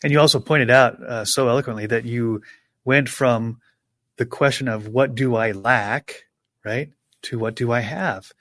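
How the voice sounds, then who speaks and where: A man's voice: medium pitch, a little slow, a bit bright, no room sound. A man co-hosting a motivational podcast, speaking thoughtfully and building on his partner's points. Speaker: podcast co-host.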